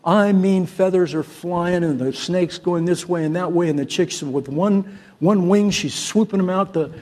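A male pastor from Syria preaching a sermon, swinging from loud exhortation to soft, conversational storytelling. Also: high-pitched, normal speed.

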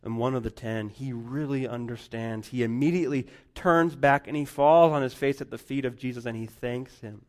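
A man preaching a sermon, rising to loud emphatic lines and dropping to near-whispers. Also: mid-range voice. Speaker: pastor.

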